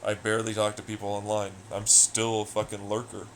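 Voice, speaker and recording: A man's voice: fairly low pitch, completely flat delivery, fairly quick, a little hiss or hum, poor audio. A young man chatting casually on a livestream, rambling and swearing a lot in a sardonic tone. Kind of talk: casual stream chat.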